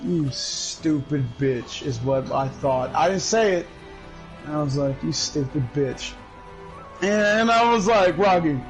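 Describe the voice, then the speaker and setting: A male gaming streamer telling a story in casual chat, loud and profane, bursting into laughter, and high while he talks. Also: rough recording. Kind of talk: casual storytelling over gameplay.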